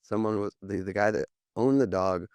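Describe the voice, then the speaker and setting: Guy in his 30s, deep smooth voice, dry close sound, lots of um and like. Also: normal speed, darkish tone, no echo. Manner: rambling, lots of fillers and restarts. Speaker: podcast guest in recovery. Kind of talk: candid interview talk.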